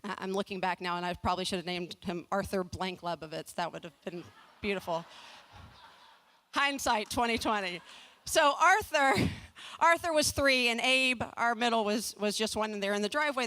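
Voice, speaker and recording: A woman's voice: mid-range voice, normal speed, bright, forceful tone. A woman in her forties from the American South giving a humorous personal storytelling speech with comic timing, self-deprecating asides, and restarts. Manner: restarts and repeats words. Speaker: speaker at a community fundraising talk.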